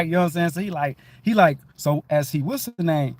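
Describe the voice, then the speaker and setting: A middle-aged man with a notably high voice talks in a loose, rambling way on a livestream. He keeps checking in with "you know what I'm saying" and bursts into louder, higher greetings as he acts out the people he meets. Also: brisk, few pauses. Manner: acts out his own greetings in a raised voice. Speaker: livestream host. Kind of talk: casual spoken monologue.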